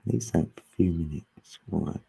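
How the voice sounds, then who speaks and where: A man talks casually with his online group, wandering from thought to thought and laughing often. His voice sits a little low and sounds mellow and husky. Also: unhurried. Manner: rambling and chatty, laughs often. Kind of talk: casual chat.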